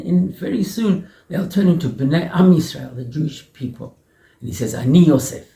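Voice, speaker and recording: A male rabbi teaches a Torah lesson in a high-pitched, gravelly voice. He speaks in an animated way, often repeating words as he goes. The recording has a roomy echo. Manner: animated, repeats words, many Hebrew terms.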